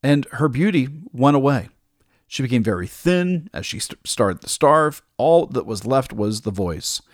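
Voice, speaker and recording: A man's voice: mid-range voice, animated, a little slow, dry recording, studio quality. A man retelling an old myth in a casual, conversational way, with small asides and restarts. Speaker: storyteller.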